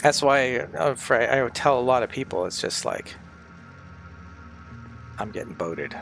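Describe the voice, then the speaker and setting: A man's voice: medium pitch, lively intonation, measured pace, gravelly, a bit bright. Tired, rambling man streaming with faint music. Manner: rambling, swears freely. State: tired and sick. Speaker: livestreamer. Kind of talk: casual livestream chat.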